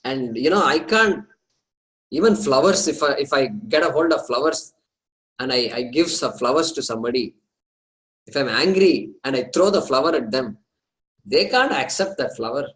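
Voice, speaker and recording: A man teaching a scripture study class, explaining terms slowly and repeating them, with some hesitant pauses as he talks to his students. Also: medium pitch, lively intonation, fairly bright tone, poor audio.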